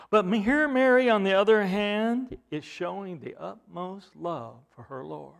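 High-voiced man preaching a sermon. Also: unhurried, vocal fry, hardly any pauses. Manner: rising and falling emphasis, repeats words while building points.

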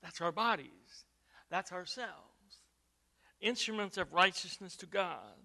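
High bright-voiced preacher, emphatic. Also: male voice, lively intonation, gravelly. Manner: preaching with emphatic slow stresses and big swings in loudness. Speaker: pastor. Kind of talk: sermon.

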